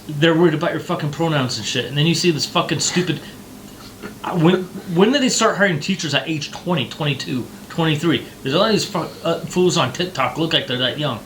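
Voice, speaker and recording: A man with a somewhat raised pitch, talking in a fast, profane rant. He slips into mocking voices when he jokes. Faint background noise sits under the talk. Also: a bit bright, low-quality recording. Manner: profane, heated ranting with mocking put-on voices. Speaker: podcast co-host. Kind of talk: casual ranting chat.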